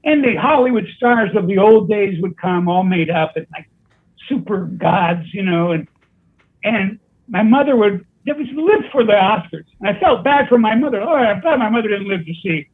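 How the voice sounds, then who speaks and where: A man's voice: high voice, moderate pace. Older man, comedy writer, storytelling, phone-like sound. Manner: animated anecdote teller who laughs at his own punchlines. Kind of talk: casual storytelling. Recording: tinny phone-like line.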